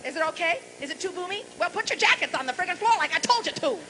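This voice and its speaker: A woman's voice: very high-pitched, lively intonation, racing, rough recording. A woman doing salty, bawdy stand-up patter on a live stage, acting mock-forgetful between jokes. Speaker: stand-up comedian and singer. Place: large live venue, boomy room. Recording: live concert recording with loud audience noise. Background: live audience noise.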